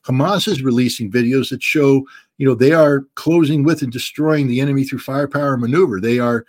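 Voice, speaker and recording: A man answering interview questions bluntly, often repeating words and filling pauses as he searches for his phrasing. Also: mid-range voice, darkish tone. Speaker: guest commentator.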